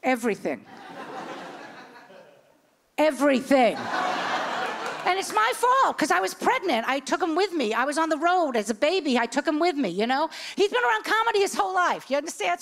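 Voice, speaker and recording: A woman in her sixties doing a stand-up comedy set, telling brash stories and acting out the voices in them. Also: high voice. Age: 60s. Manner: brash, animated storytelling with acted-out voices.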